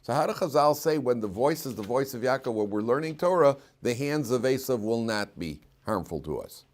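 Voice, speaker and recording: Teaching Torah to a class, this middle-aged rabbi is animated, stretching important phrases with slow, loud emphasis. He questions his students and slips into hushed, low tones for dry, wry remarks.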